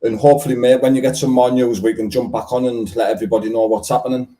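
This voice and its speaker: A man's voice: mid-range voice, fairly even intonation, quick pace, a crowd in the background. A man hosting a podcast, chatting in a friendly, matey way and calling people mate. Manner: friendly banter, calls people mate, laughs often. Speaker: podcast host. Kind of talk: casual interview chat.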